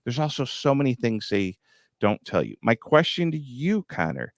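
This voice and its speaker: A man's voice: medium pitch, sing-song, normal speed, no room sound, studio quality. A middle-aged man hosting a grain market show, talking bluntly with a teasing edge. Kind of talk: market commentary.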